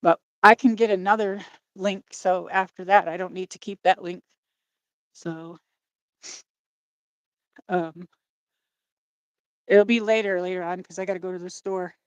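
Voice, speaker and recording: A woman's voice: on the low side, steady tone, unhurried, long pauses, smooth, no room sound. Breathless woman chatting on a dusk walk. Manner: rambling, apologetic, talks to chat. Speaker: livestream host. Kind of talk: casual livestream chat while walking. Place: outdoors by a lake at dusk. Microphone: phone on a gimbal.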